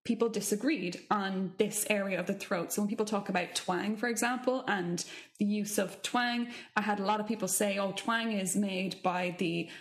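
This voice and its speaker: Animated woman talking voice science. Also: mid-range voice. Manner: animated, curious, quick asides with laughs. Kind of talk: casual podcast chat.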